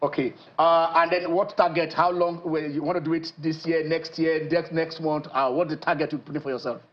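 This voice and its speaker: A man from Nigeria hosting a TV sports show, lively and rambling, with lots of fillers and restarts. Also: fairly high pitch, normal speed, highs cut off. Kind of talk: TV sports show chat and interview. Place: TV studio.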